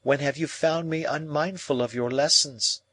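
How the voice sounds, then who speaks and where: A man voicing a proud young woman who speaks in a calm, measured, reproachful way in an audiobook. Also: fairly high pitch, no room sound, voice pushed up. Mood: cool.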